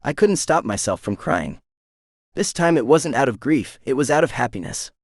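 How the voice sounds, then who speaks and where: A male narrator telling a first-person romance with expressive, animated delivery. His pitch travels widely through each line, and the recording is dry and close. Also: normal speed, no room sound. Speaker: audiobook narrator.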